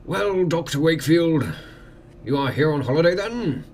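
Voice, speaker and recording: A man voicing a formal male lord of a manor, speaking slowly in a measured, courtly way. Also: fairly high pitch, lively intonation, darkish tone, a little hiss or hum, voice pushed up. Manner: slow, measured, courtly speech.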